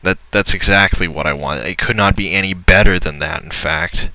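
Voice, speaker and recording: A man's voice: deep voice, normal speed, pushed and bright, dry recording, rough recording. A young man commenting on a strategy game as he plays, grumbling and swearing at the computer opponents. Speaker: let's player. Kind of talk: gameplay commentary.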